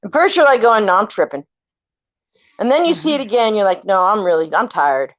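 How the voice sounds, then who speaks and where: Brisk and medium-pitched, this California woman in her 40s is a family member spinning ghost stories in a chatty way, voicing every quote and swearing casually. The sound is close and dry, with no room sound, and dull lo-fi quality.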